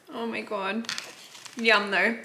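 A woman's voice: fairly high pitch, vocal fry, noisy background. A young Australian woman with a slight lisp, vlogging casually, frank and swearing freely, sometimes dropping to a whisper. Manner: chatty, frank and swears freely, often drops to a hushed whisper. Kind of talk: casual vlog to camera.

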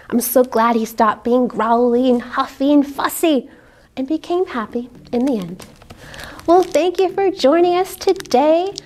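A woman librarian reading a picture book aloud to children, expressive, dropping to whispers for suspense and asking the kids questions. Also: high voice.

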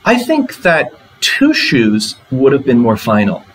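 A man's voice: mid-range voice, huge pitch swings, takes it slowly, breathy edge, low-quality recording. A man lecturing on a poem, talking through it line by line and asking the class rhetorical questions. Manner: conversational, asks rhetorical questions. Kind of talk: literature lecture.

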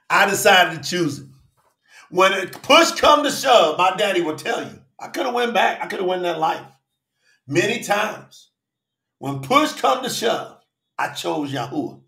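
A man preaching a fiery sermon in African American speech, shouting and calling out listeners by name. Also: high voice, animated, measured pace, gravelly, reverberant. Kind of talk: fiery sermon on a live stream.

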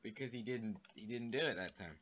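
A young man reads test questions aloud in a halting, hesitant way during casual podcast banter. His voice is bright and clear-toned. The audio is dull and lo-fi. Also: on the low side, a little hiss or hum. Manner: hesitant, halting, fillers while reading. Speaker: podcast co-host. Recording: dull, lo-fi home recording.

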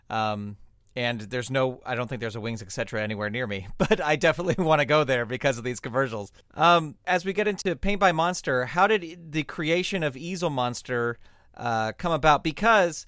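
A man's voice: medium pitch, fairly bright tone, clear, resonant tone, dry recording, clean studio sound. A man hosting a podcast interview, asking questions with friendly enthusiasm. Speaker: podcast host. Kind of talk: casual interview chat.

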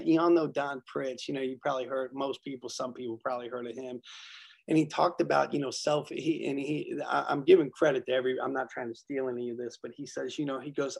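Gravelly, husky-voiced man sharing. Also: medium pitch, a little fast, a little mellow. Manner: rambling, self-deprecating storyteller. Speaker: workshop speaker. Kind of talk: casual sharing at a recovery workshop.

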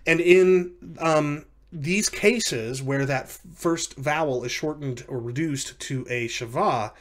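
A man's voice: on the high side, slow pace. A man giving a recorded language lecture, explaining step by step with frequent fillers and self-corrections.

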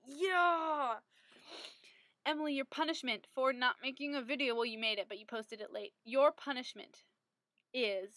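A woman's voice: fairly high pitch, fairly bright tone, no room sound. A teenage girl talking casually to her friends in a vlog, gushing and stumbling over her words when she gets emotional. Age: teens. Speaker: vlogger.

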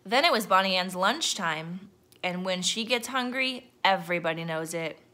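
A woman teacher reading a picture book aloud to children, lively and expressive. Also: on the low side, normal speed.

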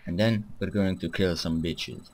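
A young man giving excitable, profane let's-play commentary as he plays a strategy game, often shouting at his units. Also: low-pitched, measured pace. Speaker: gaming channel host.

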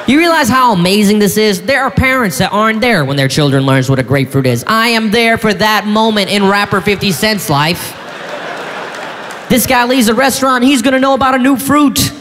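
A man performing stand-up comedy, telling a story in an animated, incredulous way with sudden shouts. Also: high-pitched, moderate pace, slight background noise. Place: live comedy venue on stage. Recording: live stage in a reverberant hall with faint crowd ambience.

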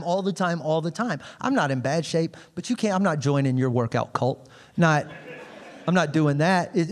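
Comedian guy doing his set, acts out the quotes, yells punchlines, live room with long echo. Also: fairly high pitch. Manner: storytelling with acted-out quotes and sudden shouted punchlines. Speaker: stand-up comedian. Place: comedy club stage. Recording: live in a large reverberant venue.

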